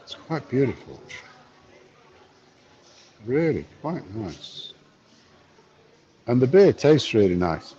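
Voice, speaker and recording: A man's voice: medium pitch, big pitch swings, slow, long pauses, dark tone, muffled recording. A man in his fifties, live streaming from a bar on his phone, chatting wryly and reading chat messages aloud. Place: bar, drinking a pint.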